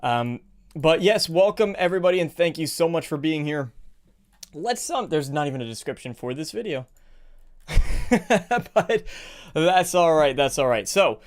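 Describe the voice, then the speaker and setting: A male streamer talking casually into a desk mic, a touch out of breath. His voice sits somewhat high for a man and comes through smooth and clear. He rambles warmly through greetings and setup. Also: lively intonation, normal speed. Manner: chatty, rambling, greets viewers by name. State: a little out of breath. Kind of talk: casual live stream chat.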